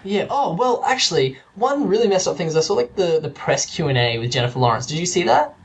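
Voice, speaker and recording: A man's voice: sits high, big pitch swings, quick pace. A man chatting casually about films, rambling with lots of fillers and restarts. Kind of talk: casual chat.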